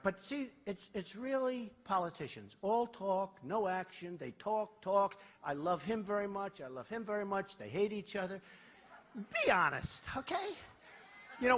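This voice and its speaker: A presidential candidate speaking at a campaign rally, telling rambling, boastful stories in a conversational way. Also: male voice, sits high, highs cut off, slight background noise. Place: large rally venue.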